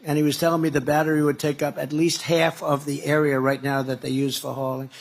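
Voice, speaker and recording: A man's voice: on the high side, little pitch movement, a little fast. A man giving a rambling campaign rally speech as a political candidate, boastful and repetitive, with asides to the crowd.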